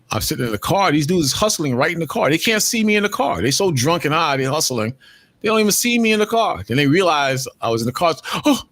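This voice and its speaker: Animated storyteller man, lively voice. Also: mid-range voice. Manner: animated, acts out street dialogue in raised voices. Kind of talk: casual chat, storytelling.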